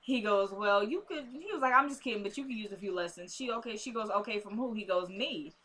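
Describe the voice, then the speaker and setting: A woman's voice: mid-range voice, lively intonation, fast, a crowd in the background. A woman casually recapping a TV episode for her viewers, chatty and drifting into asides, calling them "y'all".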